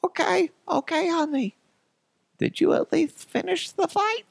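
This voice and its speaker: A man's voice: very high voice, a little slow, vocal fry, no echo, pitched above the performer's own voice, full character voice. A man voicing a fussy, doting middle-aged mother who coddles her son and slips into crude punchlines.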